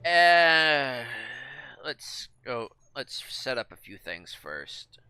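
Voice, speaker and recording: Male gaming commentator, bright and crisp tone, casual, rambling with fillers. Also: fairly low pitch, animated, slow. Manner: rambling, thinks aloud with many fillers and restarts. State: speaking with his mouth full. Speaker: gaming video creator.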